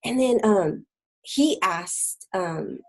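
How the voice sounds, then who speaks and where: A middle-aged woman speaks as a guest, recounting her own experience in a halting way. She fills gaps with ums and restarts her sentences, and her voice sinks almost to a whisper at the hardest parts. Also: mid-range voice, animated, poor audio. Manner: halting, many fillers and restarts, drops to a near whisper at hard moments. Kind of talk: personal testimony in an interview.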